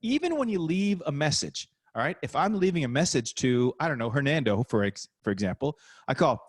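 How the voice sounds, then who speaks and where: An energetic middle-aged man talks over a video call, swinging his voice up and down all the time. He is a basketball coach giving a punchy motivational talk about networking. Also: fairly high pitch, a little fast, breathy edge.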